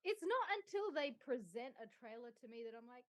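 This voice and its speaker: A woman's voice: on the high side, sing-song, a little fast. A woman co-hosting a podcast in casual chat, giggly and self-mocking. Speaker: podcast co-host. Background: music.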